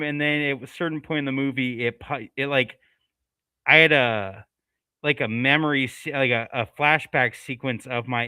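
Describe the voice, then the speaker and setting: Clear, bright-voiced man rambling. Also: mid-range voice, dry recording. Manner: rambling, self-correcting storyteller. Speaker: co-host. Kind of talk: casual podcast chat.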